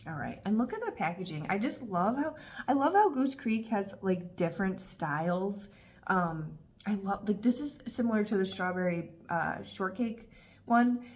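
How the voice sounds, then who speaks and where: A woman in her thirties talking casually and warmly about candles, gushing and chatty with lots of fillers. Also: mid-range voice, lively intonation, moderate pace. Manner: gushing, emotional, talkative with frequent fillers. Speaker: candle reviewer. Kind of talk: casual review vlog.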